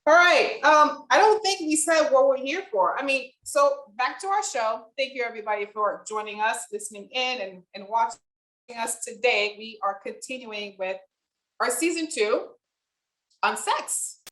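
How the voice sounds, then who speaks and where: A woman's voice: fairly high pitch, moderate pace, roomy sound, poor audio. A woman hosting a casual podcast chat who teases her co-host and laughs often. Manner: warm teasing, laughs often.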